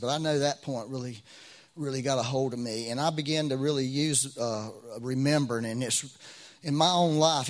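Conversational middle-aged male pastor. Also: mid-range voice. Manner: conversational, with frequent restarts and rising bursts of emphasis. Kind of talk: sermon.

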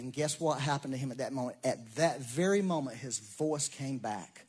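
A man, preaching a sermon in a folksy, animated way with asides and laughs. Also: mid-range voice, normal speed, breathy edge. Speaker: pastor.

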